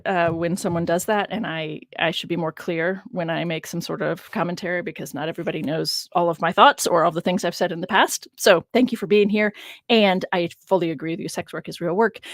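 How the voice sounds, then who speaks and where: A woman's voice: lowish voice, no room sound. Musing woman scholar on a dry livestream. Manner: musing aloud, laughing often, stresses words. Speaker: biblical scholar hosting a livestream. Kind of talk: casual livestream teaching.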